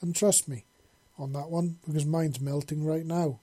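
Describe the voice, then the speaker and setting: A man voicing a warm, emotional young woman in an audiobook, effusive and affectionate. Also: steady tone, moderate pace, breathy edge. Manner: effusive, raised pitch.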